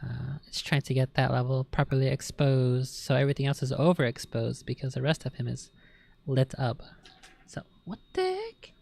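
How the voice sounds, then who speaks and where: A woman hosting a casual livestream, chatting loosely and often slipping into soft whispers and baby talk to her cat at her desk. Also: very deep voice, sing-song, moderate pace, gravelly. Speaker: livestream host. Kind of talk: casual stream chat.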